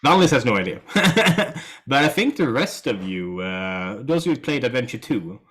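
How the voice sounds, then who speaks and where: A man narrating as game master of a tabletop game, unhurried and relaxed, with many fillers. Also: mid-range voice. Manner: relaxed, drawn-out storytelling with fillers.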